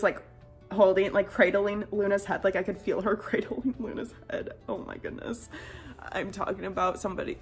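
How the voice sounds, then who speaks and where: A young woman in her twenties telling a birth storytime on her vlog in a casual, chatty way, full of "like" fillers and lively quoted voices. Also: medium pitch. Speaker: vlogger.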